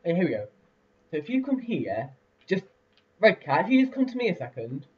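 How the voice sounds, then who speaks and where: Young male let's-player, lively higher voice, rambling chatty delivery, distant dull mic. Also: brisk. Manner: chatty, rambling, lots of fillers and laughs. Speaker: let's play host. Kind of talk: casual gameplay commentary.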